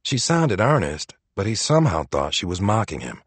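A man narrating an audiobook in a dramatic, expressive way. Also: fairly low pitch, normal speed, slightly rough, no echo.

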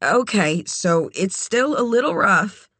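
A narrator voicing a nervous, eager young woman in an audiobook, with a higher, quick and hesitant way of talking. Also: very animated, bright, forceful tone, dry recording, heavily acted.

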